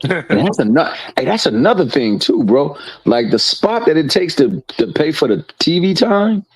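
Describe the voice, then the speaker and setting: A man's voice: a little high, normal speed, husky, dry recording, poor audio. Guy hosting a fight watch-along, slangy and loose, voice bouncing all over, dry close sound. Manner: animated, repeats words while thinking. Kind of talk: casual slangy banter.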